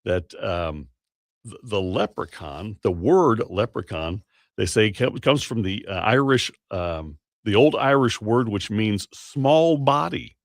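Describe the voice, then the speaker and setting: A male morning radio host with a gravelly, creaky edge to his voice. He talks in a loose, rambling way, correcting himself mid-sentence as he goes. The sound is close and dry, like a studio microphone. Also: on the low side, animated, takes it slowly, no echo. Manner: rambling, self-correcting, chatty. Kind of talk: casual morning radio talk.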